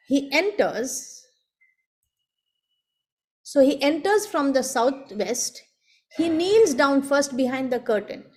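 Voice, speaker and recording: A woman giving an online seminar talk, explaining a traditional performance step by step in a measured way. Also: sits high. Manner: measured, explanatory, walks through steps one by one. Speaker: seminar speaker. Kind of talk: academic lecture on traditional performance. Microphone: video call.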